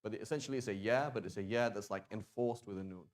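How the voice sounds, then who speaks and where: A man teaching a language class in a relaxed, chatty way, often stopping to sound out words slowly and restarting sentences. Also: on the low side. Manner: casual, conversational, with many fillers and restarts. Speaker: Arabic teacher. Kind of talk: classroom lesson.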